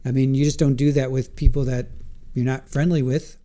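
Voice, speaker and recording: A man's voice: medium pitch, little pitch movement, fairly quick, dark tone. A man hosting a casual live stream, thinking aloud about trial testimony, restarting sentences and answering chat questions. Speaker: live trial commentary host.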